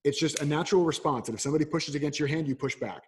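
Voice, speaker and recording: Guy talking fast in a casual interview, acts stuff out as he explains. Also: fairly high pitch, husky. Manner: animated storyteller, acts out voices. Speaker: coach, podcast guest.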